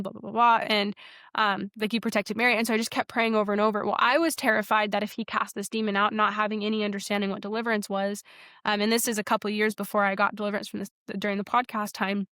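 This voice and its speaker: This is a young woman recounting her spiritual story as a podcast guest. She speaks earnestly and loosely, with plenty of fillers and restarts. Her voice sits at an ordinary middle pitch and sounds dry and close, with no room around it. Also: a bit bright, no room sound. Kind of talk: personal testimony in a casual interview.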